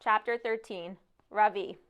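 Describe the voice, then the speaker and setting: A woman reading a novel aloud in a measured first-person narration. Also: medium pitch, steady tone, clear, resonant tone, dull audio. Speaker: audiobook narrator. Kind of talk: scripted narration.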